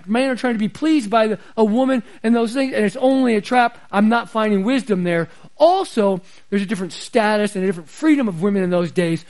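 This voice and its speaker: A man preaching a sermon, talking conversationally and reading scripture with emphasis. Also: extremely high pitch. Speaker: pastor.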